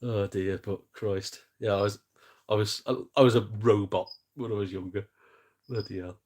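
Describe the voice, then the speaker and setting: A man's voice: lowish voice, steady tone, normal speed, darkish tone. A man hosting a casual gaming live-stream chat, rambling and self-deprecating with jokes. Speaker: gaming YouTuber host.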